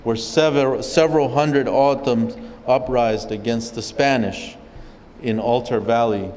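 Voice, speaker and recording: A man from an O'odham community in Arizona recounting his people's history as a speaker at a public forum, in a measured storytelling way. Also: mid-range voice, steady tone, darkish tone, in a large hall, slight background noise, low-quality recording. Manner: measured storytelling, occasional restarts. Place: legislative chamber at a state capitol.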